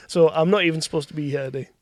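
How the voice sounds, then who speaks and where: A man's voice: a little high, quick pace, a little mellow, no echo, clean studio sound. A man co-hosting a film podcast, chatting casually, laughing and swearing as he acts out movie quotes. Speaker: podcast co-host. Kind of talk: casual banter.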